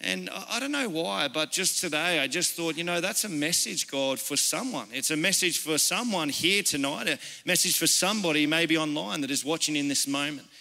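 An Australian man preaching in a church, speaking earnestly and conversationally, as if chatting with the congregation. His voice is bright and a touch higher than most men's, and it rings out with the long echo of a large hall. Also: moderate pace, gravelly, hardly any pauses. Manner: earnest, conversational, personal storytelling. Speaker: pastor. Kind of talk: informal sermon. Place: church service.

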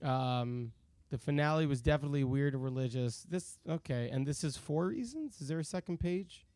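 Guy reading fan emails on a podcast, kinda high voice, joking around, dry mic. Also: normal speed, a little mellow, dry recording. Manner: reads listener emails aloud, jokey, slips into silly voices. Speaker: podcast co-host. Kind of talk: casual podcast chat.

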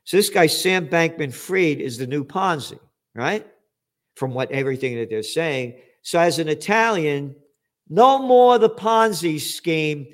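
Older man, ranting commentary, indignant and profane, voice sits a bit high. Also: expressive, normal speed. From United States. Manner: indignant, profane, swings from shouting to muttering.

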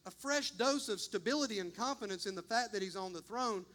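A man's voice: high voice, lively intonation, fairly quick, fairly bright tone. A man preaching a sermon in a church, fervent and direct, calling the congregation "y'all". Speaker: pastor. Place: church sanctuary.

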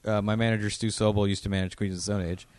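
A man's voice: fairly low pitch, level tone, racing, a little mellow, clean tone, no echo. A man in casual podcast chat, swearing and acting out quotes as he tells stories.

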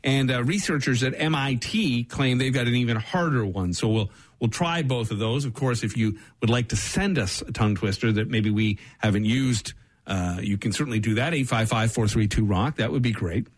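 A man co-hosting a radio show, bantering in a joking, quick way with stumbling restarts. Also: medium pitch.

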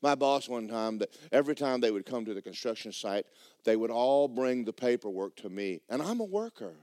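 A man preaching a sermon, emphatic and loud at times, dropping low for stories. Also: animated, fairly quick, no echo. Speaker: pastor.

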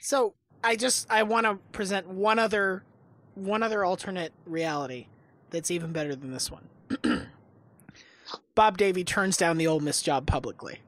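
A woman's voice: on the low side, normal speed. A woman co-hosting a casual sports podcast, playful and mock-serious as she teases along. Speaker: podcast co-host.

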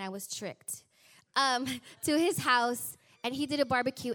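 A woman in her forties telling a personal testimony to a church congregation, animated and acting out the people she quotes. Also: sits high. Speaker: church speaker sharing a testimony.

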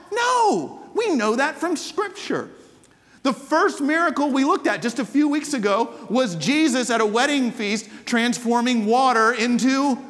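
A man preaches a sermon to his congregation in a chatty, questioning way. His voice sits high for a man. The sound rings with the long reverb of a church hall. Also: a bit bright. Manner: conversational, asks rhetorical questions. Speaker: pastor.

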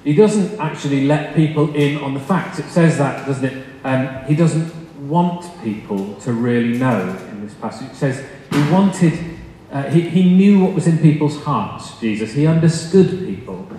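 A man's voice: on the high side, lively intonation, normal speed, dark tone. A young man preaching a sermon, telling funny stories in a chatty, self-deprecating way before turning to the scripture. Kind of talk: storytelling sermon. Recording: echoey hall with long reverb, faint noise.

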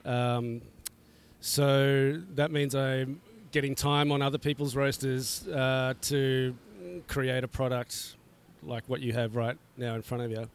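A middle-aged man with a smooth, clean voice chats easily as a guest on an outdoor podcast. He rambles in a relaxed way, dropping fillers and chuckling often. His pitch sits at an ordinary middle height. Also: slow pace. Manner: laid-back, chuckling, many fillers. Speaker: coffee roaster guest. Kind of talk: casual podcast chat.

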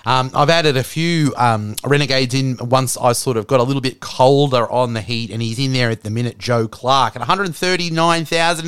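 A man hosting a fantasy cricket podcast in casual, rambling solo chat, frank and quick to laugh. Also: mid-range voice, a bit bright, clear, resonant tone, dry recording, clean studio sound.

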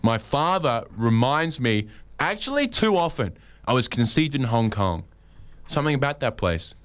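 A man's voice: medium pitch, very animated, normal speed, clean tone, no room sound. A man rambling through a comic monologue with dry, self-mocking asides. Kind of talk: comedic monologue.

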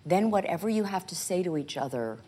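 Older woman, very low voice, animated storyteller, live stage talk. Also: fairly quick, slightly rough. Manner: animated, acts out quoted lines loudly. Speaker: guest actress in a stage conversation. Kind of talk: conversational storytelling. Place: stage before a live audience.

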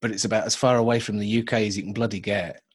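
Rambling podcast co-host. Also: male voice, fairly low pitch, steady tone, fast, breathy edge. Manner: rambling, joking, with many restarts. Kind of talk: casual chat.

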